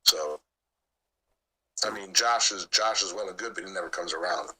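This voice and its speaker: A man's voice: deep voice, normal speed, pushed and bright, husky, low-quality recording. A man hosting a livestream, talking to viewers in a laid-back, hesitant way. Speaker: livestream host. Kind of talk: casual stream chat.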